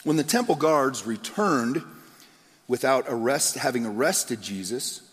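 A man preaching a sermon as pastor, telling the story with animated, acted-out quotes. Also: medium pitch, a little slow. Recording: long hall reverb.

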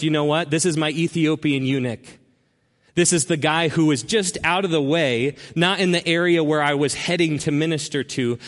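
A man preaching a sermon as a personal story, earnest and slowing down to stress key words. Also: on the high side. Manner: earnest storyteller who slows down for emphasis. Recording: long reverb of a large hall.

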